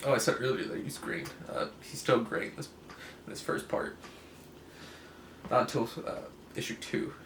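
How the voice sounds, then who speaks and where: Brief: male host, casual comic review, rambling and chuckling, mid pitch, roomy echo with faint hiss. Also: sing-song, normal speed, creaky, long pauses, a bit bright. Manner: rambling, laughs easily, self-correcting. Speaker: comic book video host. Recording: echoey room, faint hiss.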